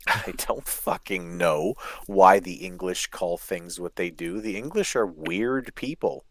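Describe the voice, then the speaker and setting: A man's voice: low voice, slow, dry recording. Canadian guy cohosting a wrestling show, dry sarcastic talk, swears a lot, dead dry close sound. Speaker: podcast co-host. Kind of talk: casual wrestling review chat.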